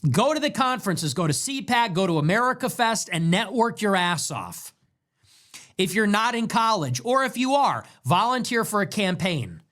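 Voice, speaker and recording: A man's voice: high voice, sing-song, moderate pace, a bit bright. A man hosting a livestream, delivering an emphatic, repetitive, commanding monologue. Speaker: political livestream host. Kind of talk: monologue commentary.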